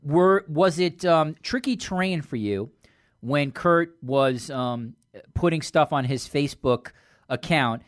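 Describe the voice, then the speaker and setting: A male radio host with a slightly high voice and a dry, close sound, circling around his questions. He hedges and restarts before he lands on the point. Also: lively intonation, slow pace, dry recording. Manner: rambling, hedging questions full of restarts. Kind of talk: conversational radio interview. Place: radio studio.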